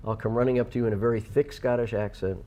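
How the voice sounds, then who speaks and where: A man's voice: medium pitch, fairly even intonation, rapid-fire, dark tone. A man co-hosting a local TV show, joking and teasing in casual banter. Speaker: TV station co-host.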